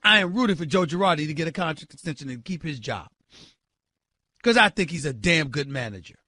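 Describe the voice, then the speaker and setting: High-voiced, fired-up sports talk host. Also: male voice, expressive, a little fast, dry recording. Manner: loud, emphatic, exclaiming, incredulous; calls on listeners directly. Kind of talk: sports radio rant.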